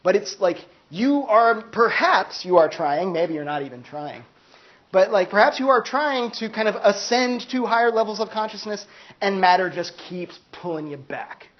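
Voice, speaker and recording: A man's voice: sits high, big pitch swings, moderate pace, muffled recording. Man lecturing casually in a classroom. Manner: conversational, peppers speech with "like", acts out quoted voices. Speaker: philosophy lecturer. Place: university classroom.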